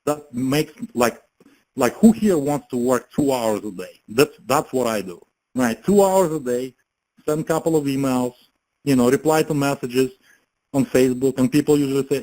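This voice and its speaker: A man's voice: medium pitch, normal speed, mellow, rough recording. A man giving a casual motivational talk about network marketing, chatting and often asking his listeners questions.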